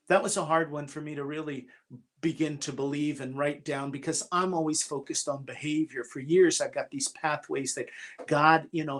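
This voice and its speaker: With a fairly bright, high-leaning voice pitched slightly raised, a man recounts something personal at a church gathering. He speaks confessionally and earnestly, yet haltingly, often stumbling and restarting with the same opening words.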